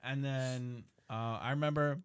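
A man in his twenties telling a rowdy story among friends, casual and animated, swearing and acting out quotes. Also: mid-range voice, a little slow, a crowd in the background. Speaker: podcast co-host telling a story.

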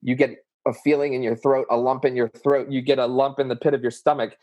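A man's voice: medium pitch, flat delivery, brisk, darkish tone, no room sound, highs cut off. Earnest Southern man, dry sound. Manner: earnest, emotional, uses vivid examples. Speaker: guest. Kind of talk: candid conversation about emotions.

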